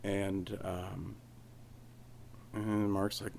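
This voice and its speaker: Deep and gravelly, this male podcast host keeps a level tone and an unhurried pace, leaving long pauses. Recording solo and casually at home with slight background noise, he rambles through frequent restarts and fillers.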